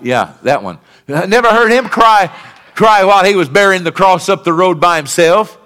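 A male pastor preaching a sermon, calling out to the congregation for responses and swinging between fervent peaks and quiet lows. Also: lively intonation, moderate pace, clean tone. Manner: rises to fervent emphatic peaks, then drops low and quiet.

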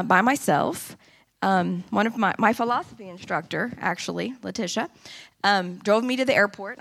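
Gravelly, low-voiced woman giving testimony. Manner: earnest, animated storytelling. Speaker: church member giving testimony. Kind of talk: personal testimony.

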